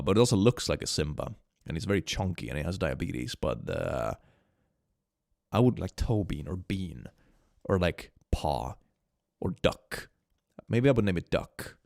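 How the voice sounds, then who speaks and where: Young male streamer, stuffy from a cold, lively up-and-down delivery, dry close sound. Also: low-pitched, moderate pace, creaky, dry recording. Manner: animated, laughs often, reads messages aloud. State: slight cold, stuffy nose. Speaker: streamer reading chat. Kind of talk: casual live-stream chat.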